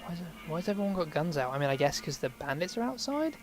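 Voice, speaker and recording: A man's voice: on the high side, very animated, fast talker, over music. A man giving casual, rambling gameplay commentary, swearing and joking at himself. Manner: rambling, swearing, self-mocking. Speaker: let's play host.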